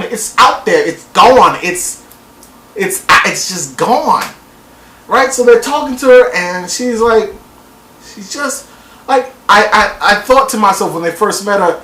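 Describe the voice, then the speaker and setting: A woman recapping a reality TV episode in a casual vlog, profane and animated, acting out quotes in exaggerated voices. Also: medium pitch, a little slow. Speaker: TV show reviewer. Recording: roomy echo.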